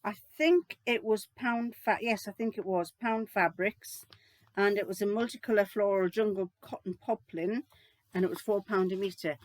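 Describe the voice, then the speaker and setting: A chatty older woman answering viewer questions in a casual sewing vlog. She rambles, trails off and restarts, with plenty of fillers. Her voice sits at a middling pitch and sounds close and dry on a laptop mic. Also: moderate pace, dry recording. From United Kingdom. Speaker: sewing vlogger.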